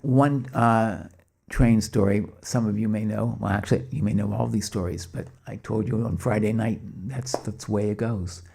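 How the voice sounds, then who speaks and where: A man telling anecdotes to a gathering, briskly voicing the people in his stories and chuckling between them. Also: lowish voice, gravelly, a little hiss or hum. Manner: lively storyteller voicing quoted dialogue. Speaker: speaker at a spiritual gathering. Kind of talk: anecdotal storytelling talk.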